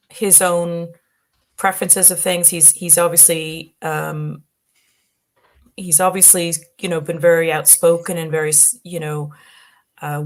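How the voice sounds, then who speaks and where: A woman with a notably low voice chats casually on a fan discussion panel. She talks haltingly, restarting her sentences, and her voice sounds worn and tired. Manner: halting, many restarts and fillers. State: voice going tired. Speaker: podcast panelist. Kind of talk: casual chat.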